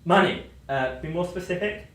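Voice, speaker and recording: A man with a fairly high voice gives playful, teasing magic patter. He talks a volunteer through the trick. The sound is echoey, with faint background hiss, and he stands off mic. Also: sing-song, brisk, a bit bright. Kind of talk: live magic-show patter. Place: indoor venue. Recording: echoey room, mic at a distance.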